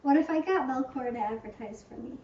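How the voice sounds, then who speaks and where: Woman livestream host, chatty and rambling, fond of hyperbole; distant mic, dull boomy sound. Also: fairly quick. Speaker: channel host answering viewer questions. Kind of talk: casual livestream Q&A. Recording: echoey room, distant muffled mic.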